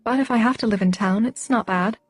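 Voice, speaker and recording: A woman's voice: fairly high pitch, fairly quick, husky, dry recording. A woman narrator voicing a reserved, practical young woman in an audiobook. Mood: earnest.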